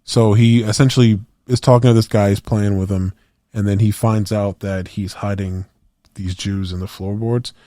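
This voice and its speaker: A man's voice: fairly low pitch, steady tone, normal speed, warm tone, no room sound, studio quality. A man co-hosting a podcast in casual chat, rambling through movie scenes and acting out the lines with plenty of swearing. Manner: rambling storyteller, acts out movie quotes, swears. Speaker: podcast co-host.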